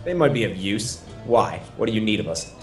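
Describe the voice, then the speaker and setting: A terse elf witch hunter with a low voice who answers in clipped, formal sentences, played by a man at a tabletop game. He stays cool and guarded, and faint music runs underneath. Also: very animated, a little fast.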